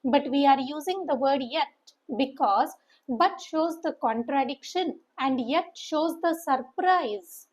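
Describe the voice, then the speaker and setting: High-voiced woman teaching English. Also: expressive, takes it slowly, rough recording. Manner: emphatic, repeats key words. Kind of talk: explaining a sample letter in a lesson.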